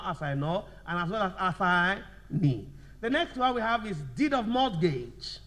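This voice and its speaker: Male law lecturer, high voice, drills the class with fill-in-the-blank questions and dictates slowly. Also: a bit bright. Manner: slows down to dictate notes.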